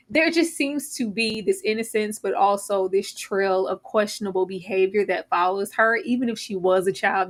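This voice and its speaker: A woman hosting a casual live-stream discussion, talking over a video call. She is animated, laughs easily and trails off while thinking. Her voice sits at a middle pitch. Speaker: host.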